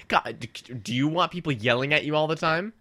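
A man co-hosting a casual online show, chatting in an animated, rambling way with restarts. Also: a little high, moderate pace, no room sound, clean studio sound. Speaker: co-host. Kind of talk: casual chat.

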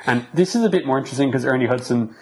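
A man's voice: mid-range voice, rapid-fire, a little hiss or hum, low-quality recording. A man co-hosting a casual film podcast, retelling scenes and quoting lines with lots of fillers. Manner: animated retelling with quoted lines. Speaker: podcast co-host. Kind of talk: casual film review chat.

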